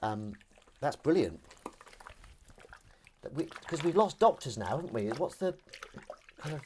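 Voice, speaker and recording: A man's voice: fairly high pitch, unhurried. Middle-aged guy chatting on his live stream, voice jumping all over the place, bit of noise behind. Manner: chatty and animated, reading viewer comments aloud, laughing. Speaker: live stream host and actor. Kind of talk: casual live-stream chat.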